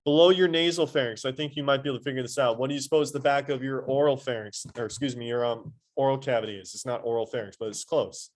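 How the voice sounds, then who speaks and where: A man's voice: medium pitch, steady tone, quick pace, hardly any pauses. Man teaching an anatomy class. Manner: quizzes the class, playful asides. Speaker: high school anatomy teacher. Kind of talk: classroom lecture.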